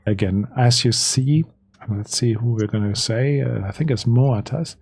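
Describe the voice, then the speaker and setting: A man narrates a tabletop adventure as the game master, pausing and restarting as he builds the scene. His voice is husky and slightly breathy, at an ordinary pitch. The sound is close and dry, with no room behind it. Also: a little mellow, no echo. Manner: slow, hesitant storytelling with restarts.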